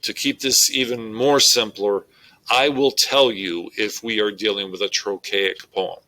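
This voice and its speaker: Male teacher, unhurried delivery, bright forceful tone, lower pitch, methodical lecture. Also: steady tone, poor audio. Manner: slow, explanatory, methodical. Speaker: English teacher. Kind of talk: recorded classroom lecture.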